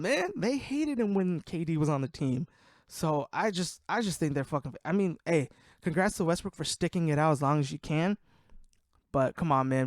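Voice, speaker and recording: A man's voice: on the high side, lively intonation, normal speed, long pauses, dry recording, studio quality. A man hosting a casual sports podcast, ranting in a heated, profane way, worked up and sweating. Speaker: podcast host.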